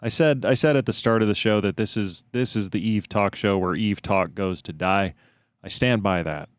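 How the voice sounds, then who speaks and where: Low-voiced rambling male host. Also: moderate pace, fairly bright tone, smooth, no room sound, studio quality. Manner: rambling, self-mocking. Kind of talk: casual chat.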